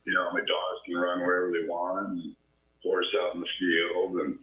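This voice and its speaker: Minnesotan man, rambling, joking, somewhat low voice, echoey call recording. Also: completely flat delivery, moderate pace, sharp tone. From Minnesota, USA. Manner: rambling, joking, laughs often. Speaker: property seller on a sales call. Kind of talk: casual phone conversation.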